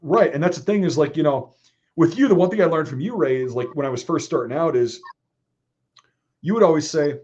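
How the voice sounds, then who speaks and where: A man hosting a casual online stream, telling stories in a profane, animated way. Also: fairly high pitch, a little fast, muffled recording. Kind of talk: casual chat.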